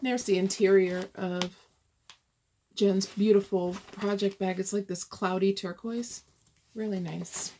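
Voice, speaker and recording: A woman's voice: mid-range voice, vocal fry, a little mellow, a little hiss or hum. A woman chatting casually as she shows her cross-stitch projects, thinking aloud and rambling as she goes. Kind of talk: casual show-and-tell.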